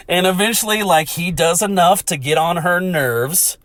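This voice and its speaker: A man's voice: sits high, normal speed, few pauses, dry recording. Profane laughing podcast guy, dry close mic. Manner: profane, laughing storyteller with shouted impressions. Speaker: podcast host. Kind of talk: casual solo podcast chat.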